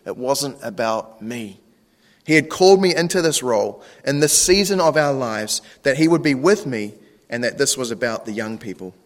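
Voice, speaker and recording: A man's voice: mid-range voice, lively intonation, moderate pace. A man, a pastor preaching a sermon in a conversational way, often asking rhetorical questions. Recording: long reverb.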